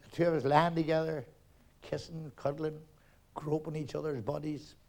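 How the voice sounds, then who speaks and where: An older man with a Northern Irish accent and a high voice tells jokes in a live stand-up set. He talks fast, acts out every character in the dialogue, and punches the lines hard. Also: level tone, creaky, a little mellow. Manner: rapid joke-telling, acting out characters in dialogue. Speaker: stand-up comedian. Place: live theatre stage.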